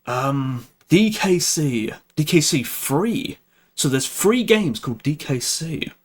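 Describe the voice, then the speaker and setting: Hosting a live stream, this young man chats loosely with his audience in a slow, husky, animated voice that sits a little high. He often breaks into laughter and starts his sentences over.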